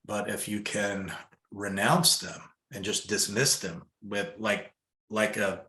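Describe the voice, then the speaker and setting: A man spins a personal story in a relaxed fireside chat, full of fillers and little acted-out quotes. His voice sits on the low side but comes across bright and forceful. The room around him gives it a noticeable echo. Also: slow pace. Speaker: guest telling a personal story. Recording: echoey room.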